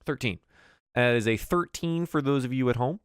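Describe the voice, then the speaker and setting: A man's voice: mid-range voice, normal speed, clean tone, dry recording, clean studio sound. A man narrating a tabletop game as game master, talking loosely with plenty of fillers. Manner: loose and rambling, with many fillers.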